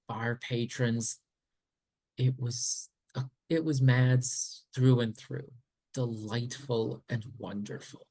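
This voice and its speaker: A man giving appreciative feedback to fellow players after a tabletop game session, in a thoughtful, measured way. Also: medium pitch, darkish tone. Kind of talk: casual post-session feedback.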